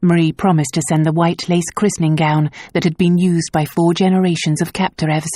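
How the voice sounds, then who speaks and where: A woman reading a novel aloud as an audiobook narrator, in a measured, even storytelling voice. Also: fairly low pitch, no echo, studio quality. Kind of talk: scripted narration.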